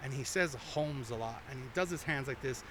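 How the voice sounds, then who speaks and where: A man's voice: medium pitch, brisk, background noise. A man telling long, profane anecdotes as a podcast guest, slipping into quoted voices. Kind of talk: casual podcast storytelling. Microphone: headphones and studio mic.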